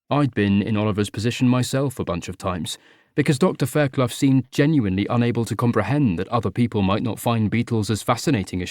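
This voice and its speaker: A man's voice: medium pitch, a little mellow, no room sound, studio quality. A man narrating a first-person audiobook in a wry, conversational way.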